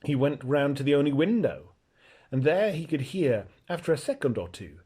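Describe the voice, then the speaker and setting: A man reading a children's novel aloud in an expressive, lively narration. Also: a little high, normal speed, slightly rough. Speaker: audiobook reader. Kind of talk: storybook narration.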